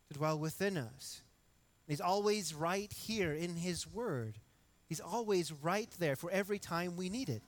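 A middle-aged man preaching a sermon in an earnest, conversational way, with rhetorical asides and occasional restarts. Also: on the high side. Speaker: pastor.

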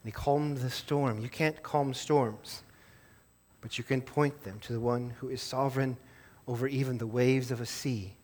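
A man preaching a sermon as pastor, earnest, rising to emphatic stress and then dropping low and soft. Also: fairly even intonation, normal speed.

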